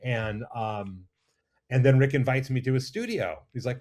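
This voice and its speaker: A man's voice: mid-range voice, moderate pace. Middle-aged man telling eager stories. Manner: animated, rambling anecdotes with restarts. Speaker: guest, makeup effects artist. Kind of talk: casual storytelling interview. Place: studio or lounge.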